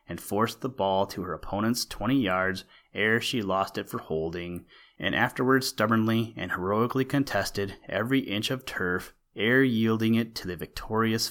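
A man narrating an old-fashioned school story in a steady, expressive reading. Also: on the low side.

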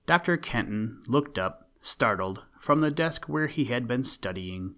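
A man narrating a storybook in a measured, even reading voice. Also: mid-range voice.

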